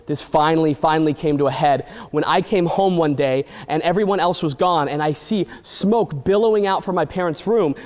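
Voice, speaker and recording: Guy with a high voice spinning a goofy tall tale, long hall reverb. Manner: animated, deadpan exaggeration. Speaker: storyteller. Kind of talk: comedic storytelling.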